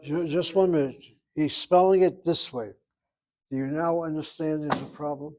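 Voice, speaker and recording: A man's voice: fairly high pitch, fairly even intonation, moderate pace, a little mellow, poor audio. A man with an American accent giving a Hebrew grammar lesson in a blunt, emphatic classroom lecture style. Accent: American English. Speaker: Hebrew instructor.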